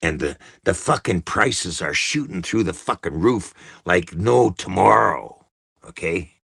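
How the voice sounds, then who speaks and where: A man rants on a livestream, profane and exasperated. His voice is gravelly, his pitch swings widely, and the sound is close and dry. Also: animated, unhurried, a bit bright, dry recording. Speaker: livestream host. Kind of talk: angry political rant.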